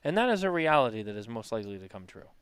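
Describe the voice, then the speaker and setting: A male podcast host with a smooth, resonant voice, teasing his guest with deadpan mock advice. The sound is close and dry, with no room around it. His pitch sits in the middle range. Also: rapid-fire, no echo. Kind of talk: casual chat.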